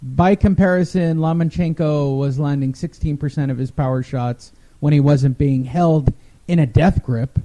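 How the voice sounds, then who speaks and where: Man, co-host, casual boxing chat, wry and rambling, mellow darker voice, slightly high. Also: moderate pace. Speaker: podcast co-host.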